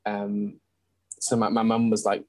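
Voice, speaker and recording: A man's voice: lowish voice, monotone, unhurried, darkish tone, no room sound, low-quality recording. A young man, telling a personal story as an interview guest in an earnest, candid way. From England. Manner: earnest, candid, with frequent ums and restarts.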